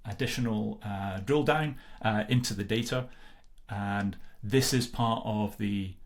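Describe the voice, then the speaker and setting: A man casually narrating a screen-recorded software tutorial, relaxed and explanatory, with many filler pauses. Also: fairly low pitch. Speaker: software demo presenter.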